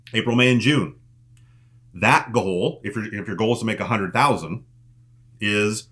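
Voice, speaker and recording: A man's voice: on the low side, a bit bright. A man giving a motivational coaching talk on an online team call, emphatic and repeating his key lines for effect.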